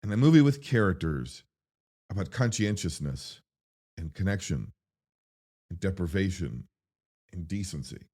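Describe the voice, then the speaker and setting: Deep-voiced guy ranting excitedly about a movie he just saw, swears a lot, rambles. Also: a little slow, long pauses, husky. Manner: excitable and rambling, with profanity and big pitch swings when worked up. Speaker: movie reviewer host. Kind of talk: spoken film reaction.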